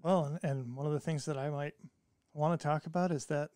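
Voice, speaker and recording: A man's voice: on the high side, steady tone, brisk, darkish tone, no echo, clean studio sound. A man co-hosting a casual podcast, talking in an easygoing, reflective way with jokes. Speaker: podcast co-host. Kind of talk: casual chat.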